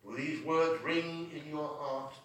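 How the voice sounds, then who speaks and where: A man's voice: a little high, little pitch movement, slow pace. A man preaching a sermon in a chapel, fervent and drawn out in his emphasis. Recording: echoey chapel from far off.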